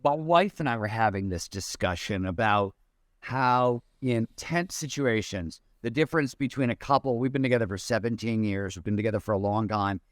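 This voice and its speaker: A man's voice: fairly low pitch, normal speed, no echo, studio quality. A man hosting an interview, asking a long searching question full of fillers and restarts. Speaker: podcast host.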